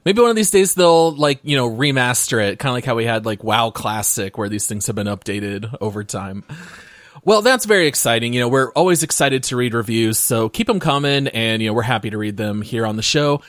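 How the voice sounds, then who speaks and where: A man co-hosting a casual podcast with a mid-pitched voice and a wry, teasing manner. The sound is close and dry, with no room around it. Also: fairly quick, a bit bright, no room sound. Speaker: podcast co-host. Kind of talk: casual chat.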